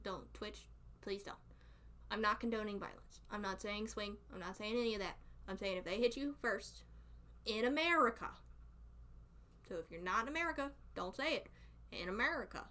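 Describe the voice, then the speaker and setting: A woman's voice: medium pitch, lively intonation, normal speed, long pauses, pushed and bright. A young woman with a Southern US accent chatting casually on a live stream, rambling and laughing often. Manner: giggly, rambling, frequent laughter. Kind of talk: casual chat.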